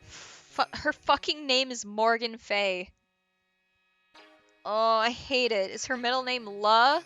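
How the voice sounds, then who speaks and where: A woman's voice: a little high, slow, sharp tone, clean tone, muffled recording, soft background music. Giggly woman streaming a game. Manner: giggly, chatty, reading game text aloud. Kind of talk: casual game-stream chat and reading aloud.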